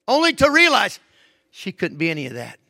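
High-voiced, emphatic male preacher. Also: huge pitch swings, brisk, vocal fry, no echo. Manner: emphatic, swinging from hushed to raised. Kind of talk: sermon.

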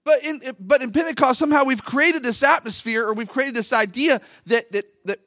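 A middle-aged male pastor preaching a Pentecostal sermon into a microphone in a church, talking conversationally and then swelling into loud, fervent bursts. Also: very high-pitched, brisk, dry recording, studio quality. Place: church sanctuary. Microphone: handheld microphone at the pulpit.

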